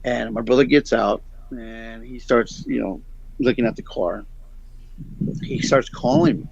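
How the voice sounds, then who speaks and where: A middle-aged man, a guest storyteller, unhurriedly tells a long and rambling story, animatedly playing the parts of the others involved. His voice is mid-range, creaky and husky, and the dull lo-fi recording has no room sound.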